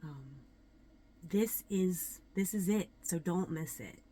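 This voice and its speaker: A woman's voice: lowish voice, dark tone. Reflective woman yoga teacher, um-filled. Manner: earnest, reflective, many ums and pauses. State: a little nervous. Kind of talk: casual talk to camera.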